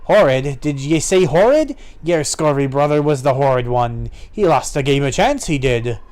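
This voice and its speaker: A man's voice: medium pitch, lively intonation, moderate pace, darkish tone, natural voice. A man voicing a boastful, mocking pirate with a growling pirate accent while reading game dialogue on a stream. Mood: gloating. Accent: put-on pirate accent. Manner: pirate dialect, growling, swaggering. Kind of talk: live-streamed game playthrough.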